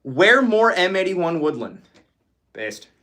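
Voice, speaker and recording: A man with a high, bright voice rants profanely on a casual livestream. His pitch swings widely as he jumps between jokes and mock anger, and his tone stays sharp and forceful. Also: slow. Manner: profane, ranting, animated, laughs often. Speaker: livestream host.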